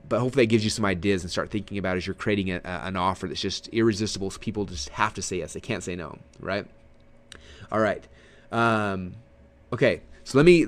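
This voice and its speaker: A man teaching marketing in a casual, energetic way, swinging his voice up and down, with many fillers and repeated words. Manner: energetic, animated, swings pitch up and down. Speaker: webinar trainer.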